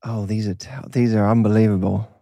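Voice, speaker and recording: A man's voice: fairly low pitch, level tone, a little fast, mellow, no echo. A man from East London with a Cockney accent, chatting as an interview guest and often laughing as he talks. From East London, England. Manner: wry, laughs often while talking. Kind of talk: casual interview chat. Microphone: close studio mic.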